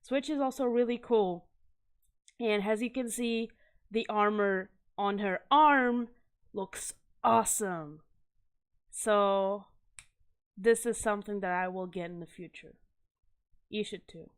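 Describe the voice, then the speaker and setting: A woman's voice: medium pitch, slow pace, pauses often, clear, resonant tone. A woman hosting a casual video review of comic art, chatty and enthusiastic, often stopping to correct herself and laugh nervously. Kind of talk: casual chat.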